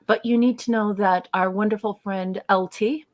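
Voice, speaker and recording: A woman's voice: medium pitch, fairly even intonation, normal speed. A woman co-hosting a casual live-stream, relaying chat comments in a breezy, affectionate way. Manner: breezy and affectionate, calls the host boss. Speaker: co-host handling chat.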